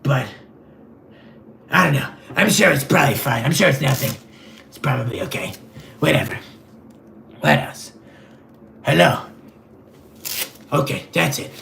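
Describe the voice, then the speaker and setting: A vain, clueless superhero, voiced by a man in a comedic livestream sketch. He rambles in a deadpan, self-absorbed way. His voice is heavily gravelly and sits a little high for a man. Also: unhurried, long pauses, slight background noise, heavily acted. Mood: deadpan rambling.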